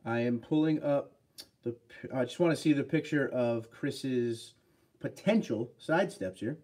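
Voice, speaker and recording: A man's voice: mid-range voice, unhurried, a little mellow. A man hosting a casual livestream, chatting upbeat and rambling as he reads out viewer comments. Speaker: livestream host.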